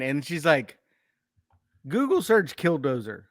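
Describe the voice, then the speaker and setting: Male podcast co-host, slightly high voice, chatty storyteller who laughs a lot; dry close mic. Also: lively intonation, normal speed, a bit bright, no echo. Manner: laughs often, tells anecdotes with quoted dialogue. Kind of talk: casual chat, reading a story aloud.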